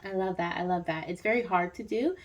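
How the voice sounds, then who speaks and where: A woman's voice: on the low side, brisk, lo-fi sound. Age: adult. Sex: woman. Role: spiritual reader. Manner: rambling, reassuring. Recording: a little distant from the mic. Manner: rambling, reassuring, frequent fillers and tag questions. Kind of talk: casual spiritual reading.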